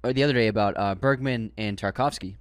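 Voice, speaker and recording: A man's voice: fairly low pitch, fast talker, no echo. A man with a Boston accent co-hosting a podcast in casual chat, reading listener comments aloud with mock outrage. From Boston area. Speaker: podcast co-host.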